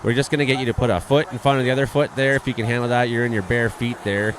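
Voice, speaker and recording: A man's voice: medium pitch, flat delivery, racing, background noise. A man with a Canadian accent giving casual, sarcastic running commentary over a roadside video, swearing freely and using plenty of fillers. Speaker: host of a weather and video-review show.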